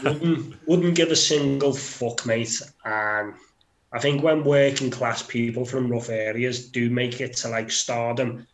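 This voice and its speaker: A man's voice: mid-range voice, steady tone, unhurried. A man co-hosting a podcast, getting heated and swearing a lot as he rants in casual chat. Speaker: podcast co-host. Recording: roomy echo.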